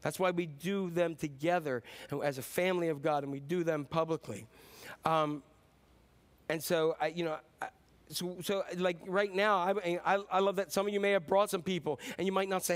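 High-voiced animated pastor. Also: male voice, normal speed. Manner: animated storytelling with sudden whoops. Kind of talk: sermon.

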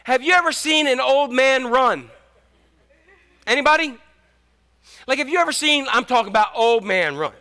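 A man's voice: extremely high pitch, expressive, moderate pace, pauses often, sharp tone. A man in his fifties preaching a sermon in a casual, jokey way, restarting often. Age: 50s. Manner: conversational, jokey, many restarts. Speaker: pastor.

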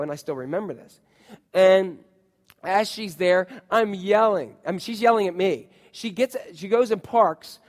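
A man in his forties preaches in a church, his fairly high voice carrying a long reverb through the sanctuary. He tells stories in a lively, conversational way and often turns to the congregation with questions. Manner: storytelling, animated, conversational with congregation. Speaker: pastor. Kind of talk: sermon.

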